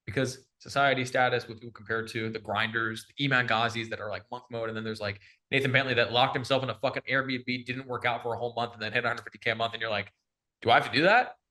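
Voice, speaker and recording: A young man coaching on sales in an energetic, slangy casual chat, calling the listener bro. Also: mid-range voice, fast talker, hardly any pauses.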